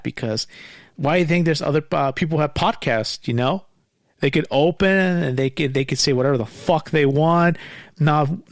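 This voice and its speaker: A man's voice: mid-range voice, gravelly, no echo, studio quality. A man hosting his own show, ranting angrily in a casual, profane monologue full of restarts and fillers. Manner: angry, profane, rambling with many restarts and fillers. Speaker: podcast host.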